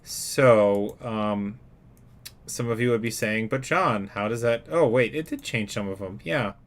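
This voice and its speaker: A man's voice: lowish voice, measured pace. Chatty man hosting a composing stream. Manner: chatty, joking, thinking aloud. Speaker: live-stream host composing music. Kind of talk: casual live-stream chat while working. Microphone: USB studio microphone.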